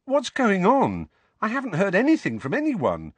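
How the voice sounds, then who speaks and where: A man's voice: high voice, wildly swooping pitch, moderate pace, breathy edge, no echo, pitched above the performer's own voice, heavily acted. A man voicing an uneasy, impatient teenage boy wizard in a storybook reading. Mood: urgent. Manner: urgent, questioning.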